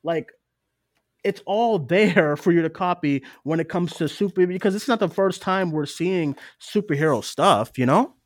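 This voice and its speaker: A male podcast co-host chats through a review loosely and rambles, using lots of fillers and laughing often. His voice is high-pitched at a moderate pace, and the recording is dry.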